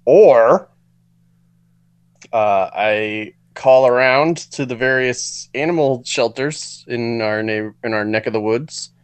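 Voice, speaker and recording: A man co-hosting a podcast, relaxed and easygoing while telling a story in a casual chat. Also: mid-range voice, takes it slowly, clear, resonant tone. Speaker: podcast co-host.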